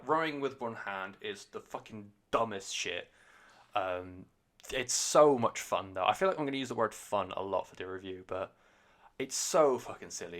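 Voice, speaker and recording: Male podcast host, lowish voice, loose sweary rambling review, lots of ums and restarts. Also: fairly bright tone. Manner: rambling, swears often, many fillers and restarts. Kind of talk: casual solo album review.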